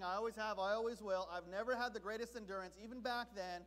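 A man from Southern California preaching a sermon as pastor, telling a story in an animated, comic way. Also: high voice, fast.

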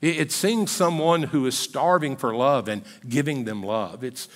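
A man's voice: mid-range voice, a little slow. An older man, a pastor, telling a story in a sermon in a plain, conversational, folksy way. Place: church sanctuary. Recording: long hall reverb in a church.

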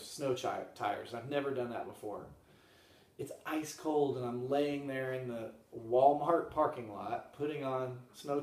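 A man telling a rambling personal story in a casual way, laughing often and dropping to a murmur at calm moments. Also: medium pitch. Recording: roomy, from a distance.

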